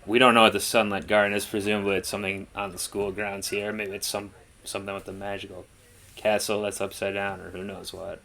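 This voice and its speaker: A man's voice: lowish voice, flat delivery, fairly quick, vocal fry, sharp tone. A man co-hosting a reaction show, chatting casually in a rambling, laid-back way with lots of fillers. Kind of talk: casual chat.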